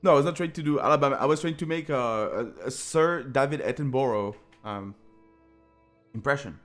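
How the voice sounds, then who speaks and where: A man's voice: mid-range voice, fairly quick, soft background music. A tired man with a French accent commentating a live game, joking and filling gaps with lots of "uh". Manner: excitable, joking, many fillers. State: sleep-deprived. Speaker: esports commentator.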